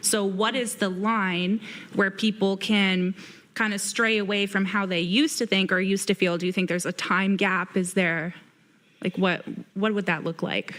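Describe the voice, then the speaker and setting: A woman's voice: mid-range voice, fairly even intonation, unhurried, a bit bright. A woman guest on a podcast, talking bluntly and swearing freely. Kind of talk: casual podcast chat.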